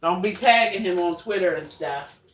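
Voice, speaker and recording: A woman's voice: on the low side, lively intonation, normal speed. A woman talking frankly to her viewers in a casual monologue, swearing and laughing often while she cooks. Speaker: vlogger.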